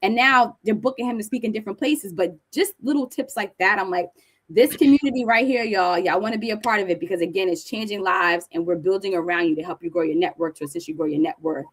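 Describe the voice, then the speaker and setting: A middle-aged woman from New Jersey giving a conference talk, high-energy and animated as she tells stories to the audience. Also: quick pace, husky. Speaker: speaker presenting to an audience. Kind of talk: conference presentation.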